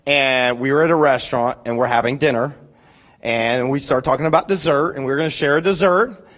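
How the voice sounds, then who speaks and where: A man in his forties preaching a sermon, telling animated, joking stories about his own marriage with frequent restarts. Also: mid-range voice, a little fast. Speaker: pastor.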